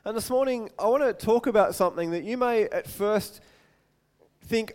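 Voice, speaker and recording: A male pastor preaching a sermon in a chatty, animated way with light self-deprecating humour and quick asides. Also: high-pitched.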